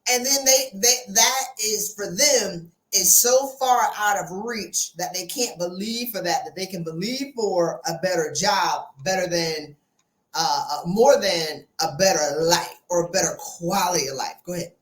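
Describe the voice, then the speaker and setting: A woman hosting a podcast, speaking emphatically and telling stories in a lively, casual way. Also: lowish voice, measured pace. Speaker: podcast host. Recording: roomy echo.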